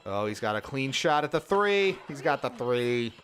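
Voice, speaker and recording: A man's voice: mid-range voice, moderate pace, faint music behind. A man streaming a sports video game, giving exasperated play-by-play and venting when his teammates miss easy shots. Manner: exasperated, animated play-by-play with frustrated outbursts. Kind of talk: livestream gameplay commentary.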